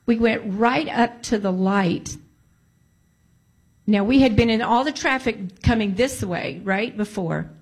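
A woman's voice: on the high side, measured pace, breathy edge. A woman telling a personal story in a casual way, emphatic and repeating phrases for emphasis.

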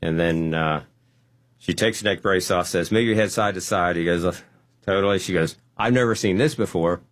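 A man telling a personal testimony story, animated and acting out the quotes. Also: low voice, moderate pace. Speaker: guest.

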